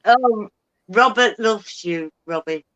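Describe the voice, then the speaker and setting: A woman's voice: medium pitch, slow, a bit bright, dull audio. An older woman co-hosting a casual live-stream chat, giggly and tipsy, with a drawling delivery. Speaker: co-host.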